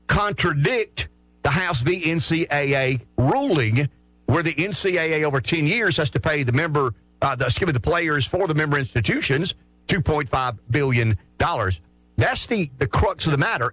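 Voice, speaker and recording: A man's voice: on the high side, lively intonation, normal speed, fairly bright tone, no echo. A man arguing opinions on a sports talk show, firing off rhetorical questions and answering them himself.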